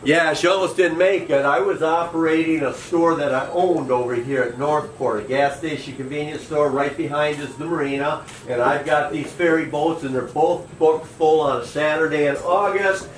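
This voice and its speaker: A man guiding a tour, telling a long story to a group in a folksy, animated way. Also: a little high, normal speed, hardly any pauses, slight background noise. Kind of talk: storytelling to a crowd. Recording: roomy distant recording with faint ambience.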